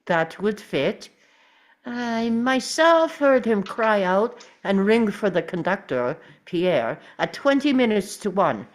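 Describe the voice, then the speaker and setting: A woman reading the part of a fastidious, courteous middle-aged male detective at a table read, speaking in a measured, precise way. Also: mid-range voice, very animated.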